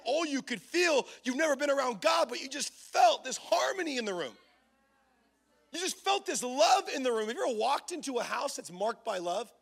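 A man preaching a sermon in a church, animated, acting out little scenes and shouting for emphasis. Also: very high-pitched, vocal fry. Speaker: pastor.

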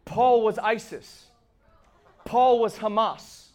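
A man preaching a sermon with passion, moving between shouts and hushed asides. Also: sits high, steady tone, slow.

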